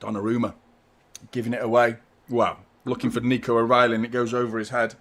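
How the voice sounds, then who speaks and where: A man's voice: medium pitch, little pitch movement, quick pace, fairly bright tone. A man hosting a live football watchalong, giving chatty, partisan fan commentary and swearing freely.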